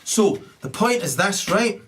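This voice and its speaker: A man delivering a rambling solo rant, swearing heavily and tagging "right?" onto his sentences, lurching from loud high bursts to low mutters. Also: lively intonation, unhurried, a little hiss or hum. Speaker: solo video commentator.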